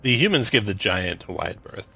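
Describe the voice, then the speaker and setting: Casting: male game master, lowish gravelly voice with a bright edge, brisk narration. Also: very animated.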